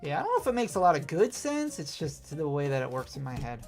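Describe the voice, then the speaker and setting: A man's voice: a little high, very animated, fast talker, over music. A man with a Wisconsin accent hosting a live stream, opening card packs and reading out chat, chatty and self-deprecating with frequent laughs. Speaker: host.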